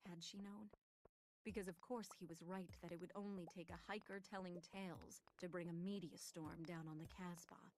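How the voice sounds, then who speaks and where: A woman narrating an audiobook in a measured, even reading voice. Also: fairly low pitch, a little hiss or hum.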